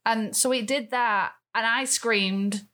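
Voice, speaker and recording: A woman's voice: a little high, steady tone, slow, pushed and bright. A woman co-hosting a casual podcast chat, rambling through stories with restarts and swearing. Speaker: podcast co-host.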